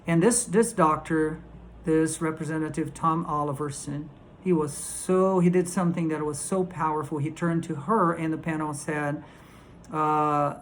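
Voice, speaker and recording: A man's voice: fairly high pitch, steady tone, moderate pace. An earnest man recounting a conference panel he sat in on, in a casual spoken recap. He talks emphatically, stumbling into restarts and repeating words as he pushes his points.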